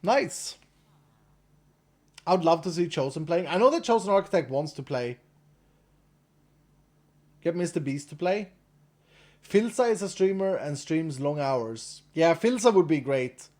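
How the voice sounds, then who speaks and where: Lively, animated male streamer. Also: on the high side, unhurried, pauses often. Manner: chatty, reads chat aloud, thanks donors, laughs easily. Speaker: streamer playing and chatting with viewers. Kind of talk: casual live-stream chat.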